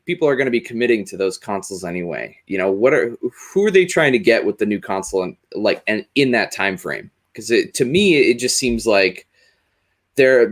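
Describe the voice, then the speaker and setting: A man hosting a casual gaming podcast, thinking out loud in a rambling way, full of "like" and "you know". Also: mid-range voice. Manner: thoughtful, rambling, with many fillers like "like" and "you know". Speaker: podcast host. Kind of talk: casual chat.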